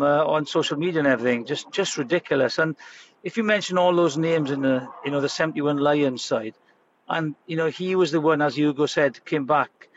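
Man on a muffled remote line. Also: a little high. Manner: halting, repeats words, many fillers. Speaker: guest. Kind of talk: casual chat over a phone line. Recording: dull lo-fi remote line with faint noise.

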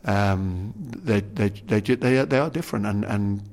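In a casual conversational interview, a middle-aged man who once played rugby rambles as the guest, restarting sentences and dropping "you know" throughout. He has a fairly low, darkish voice and speaks at a normal speed.

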